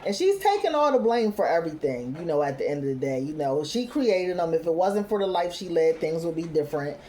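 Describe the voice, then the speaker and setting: A woman talks through a TV episode in a laid-back recap, quoting characters in her own voice. Her voice sits low and sounds mellow and dark. There's a faint hiss of noise behind her. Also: sing-song, brisk. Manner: retells scenes loosely, quoting characters, with frequent "you know what I'm saying". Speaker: TV recap host.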